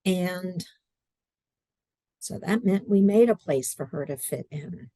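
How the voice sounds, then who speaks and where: A middle-aged woman, a guest on a video-call interview from her home study, speaks casually in a lowish, dark voice with no echo. She writes adaptive curriculum and comes across as earnest and chatty, slowly and animatedly acting out her own quotes.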